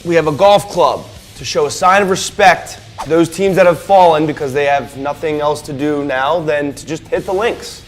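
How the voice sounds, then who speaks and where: A man co-hosting a scripted comedy sketch, excitable and exasperated as he pleads. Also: on the high side, moderate pace, few pauses, soft background music. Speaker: sketch co-host.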